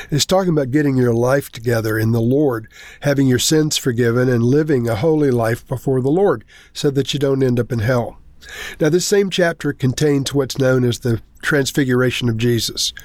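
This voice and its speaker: A man's voice: mid-range voice, a little mellow, no room sound. Earnest man preaching in a dry room. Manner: earnest, measured preaching with slowed emphasis. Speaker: pastor. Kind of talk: sermon.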